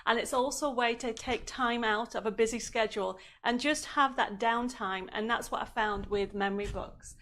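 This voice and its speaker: A woman's voice: fairly high pitch, normal speed, hardly any pauses, a bit bright. Chatty woman hosting a craft stream. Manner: chatty, reads out viewer names and greetings. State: coughing, voice going. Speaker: craft show host. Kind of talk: live-stream chat reading viewer comments. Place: home craft studio.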